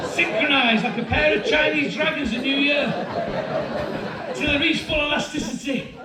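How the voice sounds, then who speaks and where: A man in his fifties doing a stand-up comedy set, telling a story with animated delivery and loud shouting bursts. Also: very high voice, normal speed. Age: 50s. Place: comedy venue with live audience. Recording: roomy live-venue sound from a distance with crowd. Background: audience laughter.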